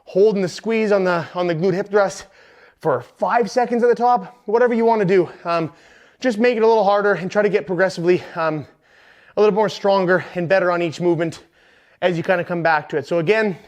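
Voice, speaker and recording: Young guy fitness coach, kinda high voice, counting reps out loud, laid back and a bit rambly. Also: fairly quick. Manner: casual, counts reps aloud while exercising; apologetic asides, filler words. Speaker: fitness trainer. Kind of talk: home workout instruction.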